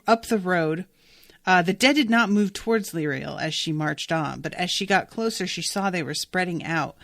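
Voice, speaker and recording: A woman hosting a podcast who reads a book aloud and reacts to it in an excitable way, swearing freely and laughing. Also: lowish voice, no room sound, clean studio sound. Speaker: podcast host.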